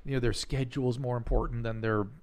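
An older man, a physician hosting a talk show, speaking in a casual, earnest way with many halting restarts as he explains and gives advice to callers. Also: medium pitch, fairly even intonation, darkish tone. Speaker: physician podcast host. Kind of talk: casual chat and call-in advice.

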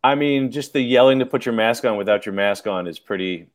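A man, a comedian on a podcast, wry and quick to laugh. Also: mid-range voice. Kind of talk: casual comedy podcast banter.

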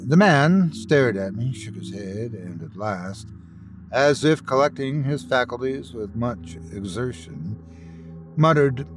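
A man hosting and narrating a classic ghost story in a dramatic, expressive reading. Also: medium pitch, takes it slowly, music in the background. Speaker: host and storyteller.

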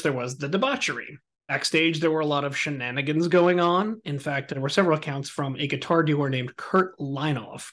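A man hosting a podcast, telling a story in a casual, animated and joking way. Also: a little high. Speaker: podcast host.

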